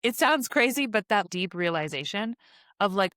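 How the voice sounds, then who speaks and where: A woman's voice: medium pitch, normal speed, dry recording. Breathless chatty young woman podcast host. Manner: chatty, animated, laughs often. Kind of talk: casual chat.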